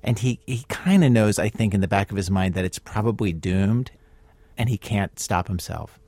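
A man's voice: lowish voice, normal speed, darkish tone, no room sound. Dry-sounding male radio host. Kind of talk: scripted radio narration and interviewing.

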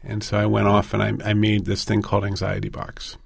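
Gravelly man, dry close mic, animated candid storyteller, self-deprecating. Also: lowish voice, brisk, no echo. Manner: animated, self-deprecating, mimics inner voices. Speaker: interviewee.

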